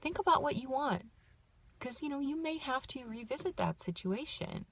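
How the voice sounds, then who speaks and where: A middle-aged woman giving casual, upbeat advice straight to camera, chatty and full of asides and quick "right?" tags. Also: high-pitched, expressive, a bit bright. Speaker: vlogger giving life tips.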